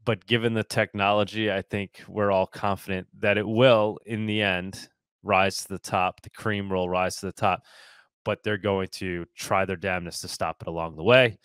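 A man with a fairly low voice reads news items and keeps stopping to comment in a loose, sarcastic way, often repeating himself as he restarts. The sound is dry and close, with no room around it. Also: fairly even intonation, normal speed, a bit bright, smooth, no echo. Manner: sarcastic asides between read-out items; casual, repeats words and restarts. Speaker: crypto news host.

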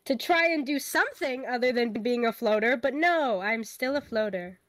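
A woman's voice: on the high side, expressive, moderate pace, dry recording. A woman chatting while gaming, exasperated and repeating herself. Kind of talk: casual gaming chat.

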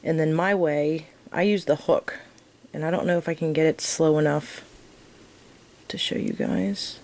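A woman teaching a crochet tutorial in a casual, chatty way, counting her stitches softly as she works. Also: sits low, steady tone, unhurried, low-quality recording. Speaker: crochet instructor.

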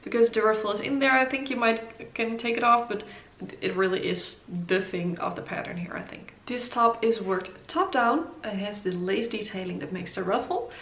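A woman's voice: mid-range voice, expressive, moderate pace, a bit bright, echoey room. A woman hosting a casual knitting vlog, reviewing patterns in a chatty way with many ums and uhs, recorded on a camera mic. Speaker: knitting channel host.

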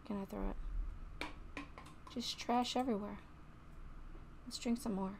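A woman's voice: medium pitch, fairly even intonation, a little slow, creaky, noisy background. A middle-aged woman giving jumpy commentary while playing a horror game at home, talking to herself and dropping to whispers when tense.

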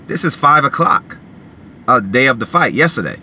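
A man vlogging casually from his parked car, animated and full of filler phrases like "you know what I mean". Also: medium pitch, moderate pace, a little hiss or hum. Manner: animated, many filler phrases, repeats himself. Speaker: boxing vlogger. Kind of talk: casual talk to camera.

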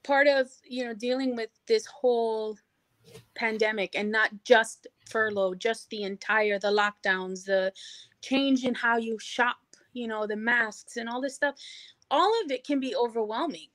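A middle-aged woman speaking as a guest on an interview show, energetic and encouraging, with lots of "you know" fillers. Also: on the high side, measured pace, no room sound. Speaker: podcast guest, hospitality professional. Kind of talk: casual interview chat.

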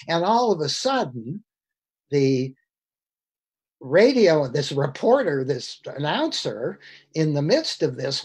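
A man in his sixties gives a talk over a video call, reading from a book and breaking off for wry comments to his audience. His voice sits a little high for a man, and he tells the story with relish. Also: slightly rough. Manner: storytelling, wry asides to listeners. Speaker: lecturer. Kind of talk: lecture with reading aloud from a book.

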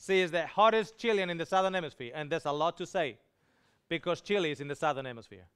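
A man's voice: on the high side, fast, a bit bright, clean tone. A man preaching a sermon, telling an emotional personal story and acting out the dialogue in it. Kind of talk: sermon testimony.

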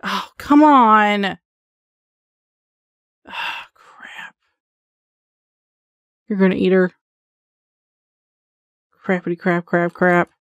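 A gaming channel host gives live commentary on a horror game she's playing, chatty and poking fun at herself, with jumpy exclamations and a constant flow of thoughts. Her medium-pitched, animated voice is extremely slow and pauses often. The sound is smooth, studio quality, with no room sound.

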